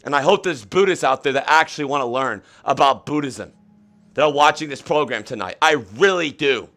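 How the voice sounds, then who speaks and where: A man hosting a comedic livestream, talking in an excitable, repetitive, mock-earnest way. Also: mid-range voice, fairly quick, soft background music. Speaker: host. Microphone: webcam setup.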